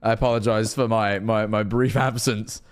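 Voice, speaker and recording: A man's voice: fairly low pitch, steady tone, moderate pace, slight background noise. A young man hosting a live stream, chatting in a laid-back way and muttering through numbers as he reads donations. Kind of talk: casual live-stream chat.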